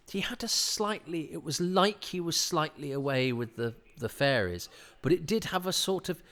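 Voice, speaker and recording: A man giving a casual commentary on a classic TV serial, chatty and halting, breaking into acted-out quotes. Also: a little high, a bit bright.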